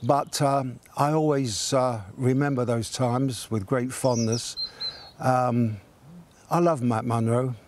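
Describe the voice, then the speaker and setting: A man's voice: medium pitch, steady tone, slow, a little mellow, a little hiss or hum. An older man telling a funny story in a chatty way, laughing as he goes and acting out the voices of the people in it. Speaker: guest telling an anecdote. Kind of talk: casual storytelling.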